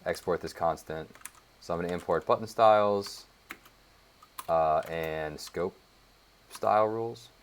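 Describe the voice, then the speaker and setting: A man's voice: deep voice, measured pace, pauses often, slight background noise. A young man casually thinking aloud as he walks through his code in a tutorial, with lots of fillers and side remarks. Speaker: web developer. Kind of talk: casual screencast coding tutorial.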